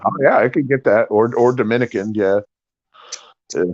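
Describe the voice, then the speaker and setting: A man's voice: medium pitch, moderate pace, darkish tone, no echo. A middle-aged American man hosting a livestream, chatting in a loose, profane, rambling way. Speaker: livestream host. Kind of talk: casual chat. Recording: dull lo-fi stream audio.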